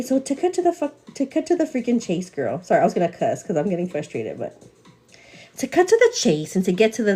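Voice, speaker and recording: A woman's voice: medium pitch, a little mellow. A young woman hosting a live morning show, telling a long story in a casual, chatty way and calling her viewers girl.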